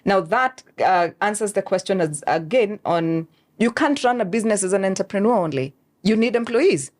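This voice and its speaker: Woman, talk show guest, animated storytelling, lots of fillers and quoted asides, medium pitch. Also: moderate pace. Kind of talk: conversational interview.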